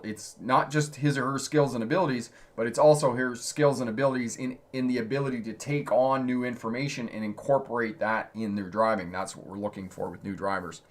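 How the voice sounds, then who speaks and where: A male driving instructor answering viewer questions on a live stream, talking in a conversational way and laughing often. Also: mid-range voice.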